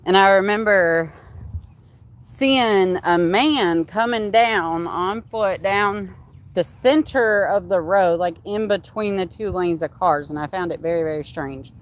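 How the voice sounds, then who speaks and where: Speaking unhurriedly in a medium-pitched voice, a young adult woman hosts a livestream and shares a frank personal story, swearing heavily in casual conversation.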